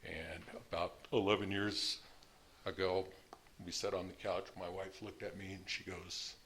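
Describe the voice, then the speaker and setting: A man's voice: low voice, little pitch movement, a little slow, a bit bright, slight background noise. A man in his sixties telling his own story in a blunt, plain-spoken way, now and then laughing at his past. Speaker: speaker sharing his recovery story. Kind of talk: personal storytelling.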